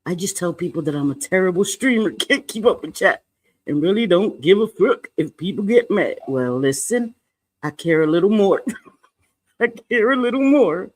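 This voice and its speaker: A middle-aged man with a notably high voice chats casually on a livestream. He talks playfully, laughs a lot and swears lightly as he greets people. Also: lively intonation, moderate pace. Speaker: livestream co-host.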